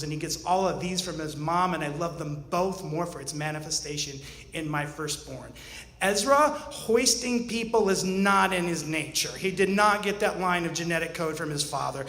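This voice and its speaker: A man in his forties with a rather high voice tells a personal story on stage, earnest and wryly funny. His voice rings through a roomy hall with a long tail of reverb. Faint ambience hangs under it. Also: fairly bright tone. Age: 40s. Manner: earnest with wry humor.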